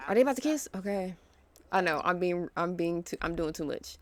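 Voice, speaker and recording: A woman's voice: fairly low pitch, lively intonation, a little fast, dry recording. A woman hosting a life-sim let's play, chatting casually and reacting with exasperated, slangy asides. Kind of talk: casual gameplay commentary.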